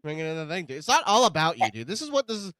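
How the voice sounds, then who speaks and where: A man's voice: a little high, big pitch swings, very fast, a bit bright, no room sound. A man in his thirties hosting a casual podcast, talking in a laid-back way and calling everyone "dude.". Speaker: podcast host. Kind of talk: casual chat.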